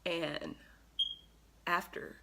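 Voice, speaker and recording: A woman giving an earnest, emotional spiritual card reading to her viewers, pausing often with ums. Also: background noise. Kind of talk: tarot reading monologue.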